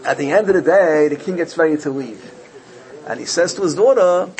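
A man giving a sermon, telling a parable in an animated way and voicing its characters. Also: brisk, vocal fry, poor audio. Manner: animated storytelling, voicing characters with big pitch jumps. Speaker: rabbi.

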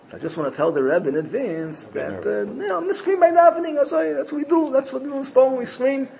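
Guy putting on an eager hasidic worshipper, pitch jumps way up, kinda gravelly. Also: sing-song, quick pace, dark tone, full character voice. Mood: insistent. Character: earnest, emotional male Hasidic worshipper.

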